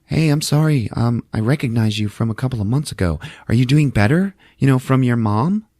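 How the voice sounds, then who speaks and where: A man voicing a sweet older woman who is gentle and consoling, kind and a little apologetic. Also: mid-range voice, lively intonation, fairly quick, no room sound, clean studio sound, pitched above the performer's own voice, lightly acted. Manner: kind, eager, slightly apologetic.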